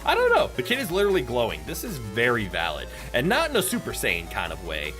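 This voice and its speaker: A woman's voice: rumbling low, wildly swooping pitch, fast, over music. A woman streamer giving casual, playful commentary while playing a game, laughing often and swearing when things go wrong. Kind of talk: casual let's-play commentary.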